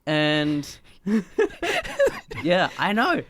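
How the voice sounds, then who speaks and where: A man's voice: high-pitched, huge pitch swings, drawn-out words, a bit bright. A young man co-hosting radio, reacting with enthusiasm in casual chat. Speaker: radio show co-host.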